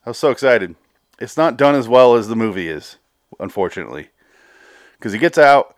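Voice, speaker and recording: A man's voice: medium pitch, lively intonation, dry recording, studio quality. A man casually recapping a TV episode, rambling, swearing freely and laughing as he goes. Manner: rambling, swears freely, laughs, quotes characters in quick bursts. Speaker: podcast host recapping a TV episode.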